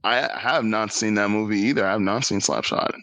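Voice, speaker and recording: A man's voice: fairly low pitch, a little fast, fairly bright tone, dry recording, poor audio. A man co-hosting a casual podcast chat, chiming in with brief jokes. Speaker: podcast co-host.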